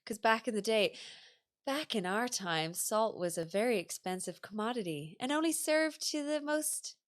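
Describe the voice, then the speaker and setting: An Irish woman, a podcast co-host, telling a story in casual chat, animated and full of fillers. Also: fairly high pitch, moderate pace. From Ireland. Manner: animated, mimics tourists' voices, lots of fillers.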